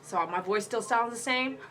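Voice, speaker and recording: A woman's voice: a little high, unhurried, crowd noise. A woman who works as a pet groomer, hosting a live stream in a casual, emphatic way and repeating her warnings with chatty asides.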